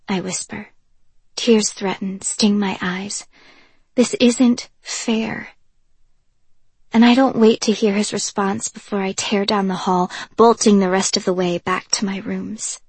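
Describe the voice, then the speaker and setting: A woman narrating an audiobook in the first person in a soft, hushed and emotional way. Her mid-pitched voice is very breathy and airy. The recording is close and dry. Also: no room sound.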